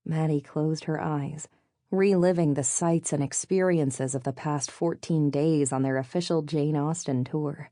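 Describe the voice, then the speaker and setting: A woman narrating an audiobook in a measured, clear storytelling manner. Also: sits low, steady tone, warm tone, no room sound, studio quality. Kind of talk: scripted narration.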